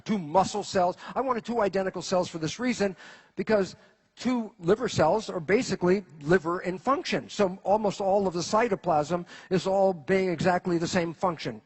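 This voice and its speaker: A man with a rather high, slightly husky voice lectures a live audience. He is animated, firing rhetorical questions at the crowd and building toward each point. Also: normal speed. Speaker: speaker giving a lecture. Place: in front of an audience.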